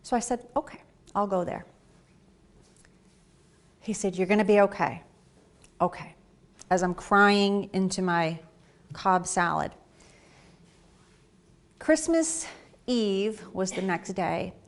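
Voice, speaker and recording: A woman's voice: medium pitch, slow pace, pauses often. Woman telling her own story onstage. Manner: animated storytelling, acting out her own quoted reactions. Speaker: speaker. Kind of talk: personal story talk. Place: stage talk.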